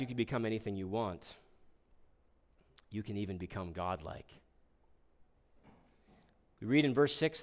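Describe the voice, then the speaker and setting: A man preaching a sermon on scripture, asking rhetorical questions and acting out quoted lines with shifting emphasis. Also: mid-range voice. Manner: expressive, rhetorical questions, voices the serpent in quotes.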